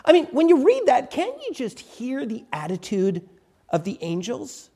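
Animated preacher with a swooping voice. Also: moderate pace, husky. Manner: animated storytelling with wide pitch swings. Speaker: pastor. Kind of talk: sermon.

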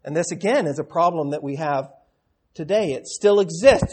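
A man preaching a sermon as pastor, explaining in a teaching tone, with loud stressed words and quiet drops. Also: on the high side, expressive, moderate pace, a little hiss or hum. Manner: explanatory teaching tone with audience asides.

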